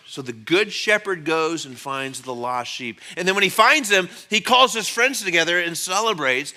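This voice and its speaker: A male pastor preaching a church sermon in a conversational, animated storytelling manner. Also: sits high, moderate pace, few pauses. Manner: animated storyteller, acts out quotes in changing voices; conversational, with fillers and restarts.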